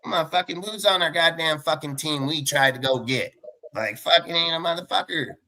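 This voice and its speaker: A man's voice: fairly high pitch, crowd noise, poor audio. A man ranting on a live sports fan podcast, heated and profane, tossing in "dude" and "like". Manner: fast and blunt, many fillers like "dude".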